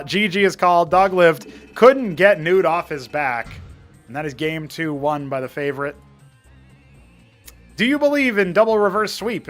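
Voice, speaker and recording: Chatty, fairly high-voiced male game caster. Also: a bit bright. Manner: chatty play-by-play that wanders into trivia. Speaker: esports caster and show host. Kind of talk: live game commentary.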